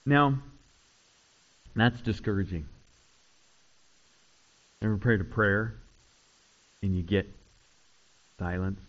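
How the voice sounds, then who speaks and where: A man preaching a sermon, swinging between loud, rising retellings and quiet, low asides. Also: slow, long pauses, lo-fi sound. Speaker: pastor.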